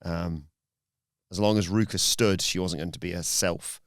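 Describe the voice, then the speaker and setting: Podcast man recapping, smooth low voice, dry close mic. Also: fairly even intonation, moderate pace, no room sound. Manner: reads recap with fillers, um and uh. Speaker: podcast co-host. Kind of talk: casual recap reading.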